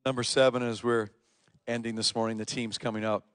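A man's voice: flat delivery, fairly quick, dry recording. Emphatic preacher man with a dry sound. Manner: emphatic, swings from loud stresses to quiet low asides. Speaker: pastor. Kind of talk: sermon. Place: church service.

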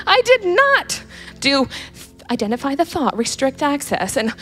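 A woman's voice: high-pitched, very animated, slow pace, long pauses, fairly bright tone, soft background music. A woman in her thirties telling a candid personal faith story. She laughs often and restarts her sentences. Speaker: guest sharing a personal story.

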